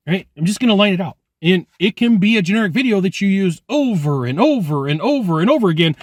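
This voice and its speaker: A man giving energetic direct-to-camera sales training, emphatic and animated, acting out people's reactions as he talks. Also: high-pitched, fast, hardly any pauses, no echo, clean studio sound.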